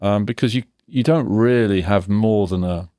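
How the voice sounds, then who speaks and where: A man's voice: fairly low pitch, normal speed, warm tone, no room sound, clean studio sound. A man in his fifties, a podcast guest, talking reflectively and analytically in a casual interview, often restarting his sentences. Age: 50s.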